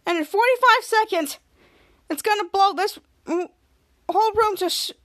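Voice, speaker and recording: A blustery grown superhero, voiced by a woman, who stretches his words out with loud emphasis. The voice sits high. He sounds like a cocky team leader. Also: moderate pace. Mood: boastful.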